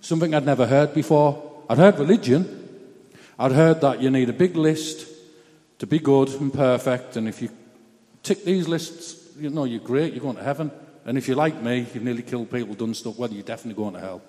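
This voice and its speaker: A man's voice: medium pitch, fairly quick, warm tone, long reverb tail. A man giving a personal testimony in a chatty, blunt, self-mocking storytelling way.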